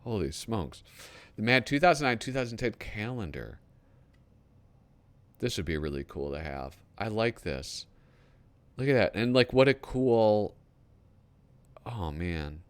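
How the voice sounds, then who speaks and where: Laid-back man with lively low voice. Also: a little slow, long pauses, clean tone. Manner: casual, swears, trails off into mumbled asides. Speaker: host. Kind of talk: casual magazine flip-through commentary.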